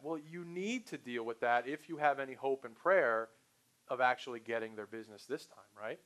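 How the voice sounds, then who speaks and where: A man's voice: medium pitch, moderate pace. A man leading a sales training session, talking casually to trainees and acting out short phone exchanges. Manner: animated, acts out customer and salesperson lines. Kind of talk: live sales training talk.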